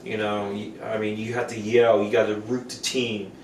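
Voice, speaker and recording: Faint noise and room echo surround this man, who is recorded from a distance as he co-hosts a podcast. He narrates stories in a casual, animated style, acting out quoted voices in a fairly low pitch at a moderate pace.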